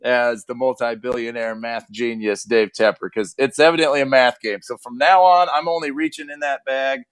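A man's voice: medium pitch, fairly even intonation, normal speed, smooth, dry recording. A man in his thirties co-hosting a casual sports podcast, joking and sarcastic as he chats. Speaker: podcast co-host, former player.

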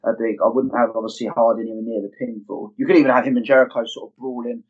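Man, podcast co-host, emphatic and opinionated, husky voice, dull lo-fi sound. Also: mid-range voice, flat delivery, racing. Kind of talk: casual podcast chat. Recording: dull lo-fi audio.

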